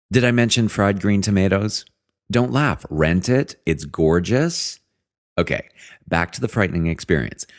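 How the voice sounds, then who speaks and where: Male audiobook reader, extremely deep voice, wry and chatty first-person delivery, dry close studio sound. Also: no room sound. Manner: wry, conversational, with self-mocking asides. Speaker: audiobook narrator.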